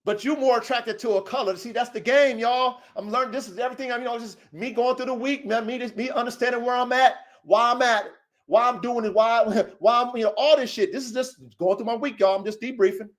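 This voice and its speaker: A man, rambling through a profane, repetitive, preachy monologue that swings between low mutters and loud outbursts. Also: fairly even intonation, fast. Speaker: dog breeder and vlogger. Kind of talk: casual unscripted monologue.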